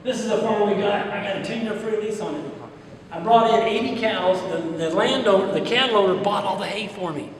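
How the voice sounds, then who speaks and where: A man's voice: high-pitched, brisk, a crowd in the background. A man with a Midwestern American accent giving a folksy, plain-spoken conference talk, telling stories with quoted back-and-forth. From United States. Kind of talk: conference talk with audience questions. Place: large hall. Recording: roomy hall, speaker heard from a distance.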